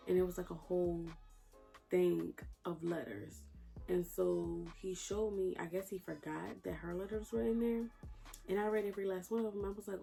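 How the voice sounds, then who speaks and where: A woman's voice: fairly low pitch, fairly even intonation, moderate pace, vocal fry, mellow, soft background music. A woman telling a personal story to her viewers in casual vlog chat, blunt and swearing freely, repeating lines for emphasis.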